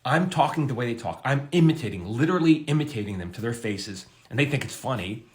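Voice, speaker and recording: A middle-aged man, a TV comedy writer, answering a viewer's question in a casual, lively way, with his pitch jumping up for emphasis. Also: quick pace. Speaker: TV comedy writer giving advice.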